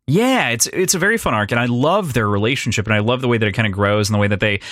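A young man co-hosting a podcast, talking through a film in a rambling, animated way, with restarts and laughs. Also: mid-range voice, quick pace, dry recording, studio quality. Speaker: podcast co-host. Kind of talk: casual film discussion.

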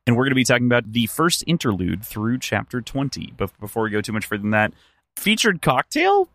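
A man's voice: fairly low pitch, quick pace, dry recording. A man hosting a book podcast in casual chat, laughing often. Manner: laughs often, animated delivery. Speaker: podcast host.

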